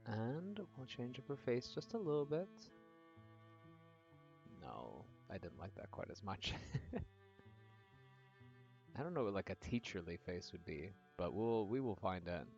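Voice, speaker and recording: A game streamer with a gravelly, lowish voice rambles casually to his viewers, laughing and filling pauses often. The audio is dull and lo-fi, with faint music playing.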